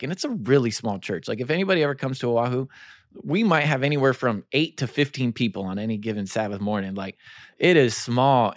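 A man's voice: medium pitch, no room sound, studio quality. A man who pastors a small church, telling a personal story in an earnest, passionate way on a casual faith podcast.

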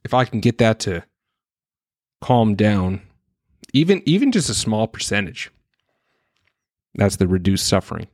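A man with a fairly low voice hosts a solo podcast, musing aloud and often restarting his sentences. He talks frankly, with the odd curse. The sound is dry and close, with no room echo. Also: big pitch swings, a little slow, long pauses, darkish tone. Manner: reflective and rambling, with frequent restarts; frank, with occasional swearing. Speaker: podcast host. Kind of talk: casual solo podcast monologue.

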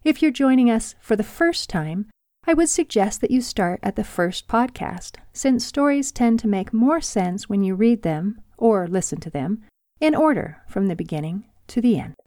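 An older woman hosting her own podcast and reading aloud from her memoir in a calm, measured way. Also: mid-range voice, no echo, clean studio sound. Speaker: podcast host and author.

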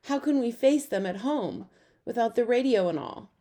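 A woman's voice: on the high side, lively intonation, normal speed, warm tone, pitched above the performer's own voice, lightly acted. A woman voicing a dramatic, tearful young girl who is earnest and fussy about grammar, in an audiobook. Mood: upset. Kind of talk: audiobook character voice.

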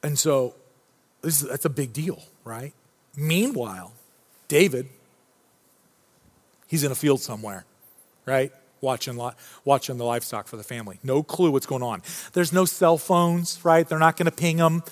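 A man's voice: medium pitch, moderate pace, long pauses. A male pastor preaching a casual, story-driven sermon in a church auditorium, often restarting his phrases. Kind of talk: conversational sermon. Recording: long reverb from a large hall.

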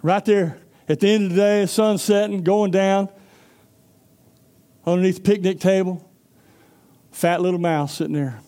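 A man's voice: high-pitched, fairly even intonation, measured pace, pauses often, dark tone. A man preaching a sermon, telling a folksy story and acting out character voices. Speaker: pastor.

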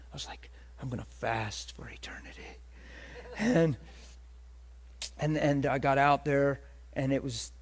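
A male preacher delivers a sermon in the form of a personal story. His voice sits in a middle male range. He moves from hushed, intimate moments to loud, emphatic ones. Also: medium pitch. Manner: animated storytelling, swings between loud and hushed.

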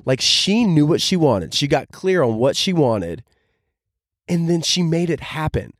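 A man's voice: on the high side, sing-song, unhurried, dry recording, clean studio sound. Eager young man telling a story. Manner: enthusiastic, heavy use of "like" fillers. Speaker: podcast host. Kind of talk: casual storytelling monologue.

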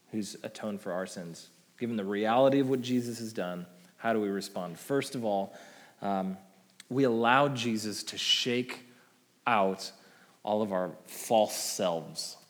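Male pastor preaching, mid-range voice, casual "right?" asides, dynamic loud-soft delivery, in a reverberant church hall. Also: medium pitch. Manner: conversational preaching with frequent "right?" tag questions; swings between loud emphatic peaks and soft dropped endings. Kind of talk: sermon.

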